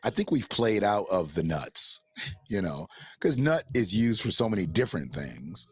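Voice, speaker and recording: A man's voice: on the low side, big pitch swings, moderate pace, breathy edge, no echo. A man hosting a livestream in casual commentary, rambling and swearing, laughing often and reading out chat messages. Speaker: livestream host.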